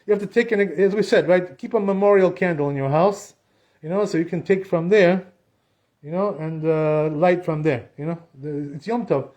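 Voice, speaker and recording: A man's voice: high voice, moderate pace, a little mellow. A man teaching as a rabbi in a synagogue, in a casual, chatty way, filling his talk with "you know". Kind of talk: casual spoken class.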